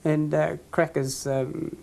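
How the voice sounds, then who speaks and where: An Australian man, a former football umpire, tells stories from the field in an interview. His voice sits a little high, and he often laughs at his own punchlines. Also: flat delivery, takes it slowly, vocal fry, a little mellow. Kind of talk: storytelling anecdotes in an interview.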